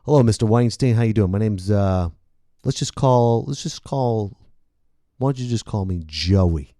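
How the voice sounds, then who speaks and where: A man's voice: lowish voice, expressive, moderate pace, dark tone, no echo, studio quality, pitched below the performer's own voice, natural voice. A man doing a polite mob enforcer. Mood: smooth menace. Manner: hesitant, falsely courteous, full of "uh"s. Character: polite, menacing middle-aged male mob enforcer.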